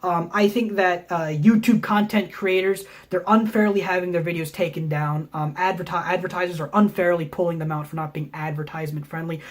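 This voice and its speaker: A young man from Tennessee, a film student, delivering a mock pitch video in a deadpan, rambling way, full of ums and restarts. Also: fairly quick, few pauses. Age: young adult.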